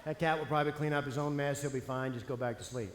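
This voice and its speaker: A man voicing a calm, analytical male nerd who talks in a slow, flat, precise way. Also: medium pitch, background noise, pitched below the performer's own voice, lightly acted. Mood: deliberating. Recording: echoey hall.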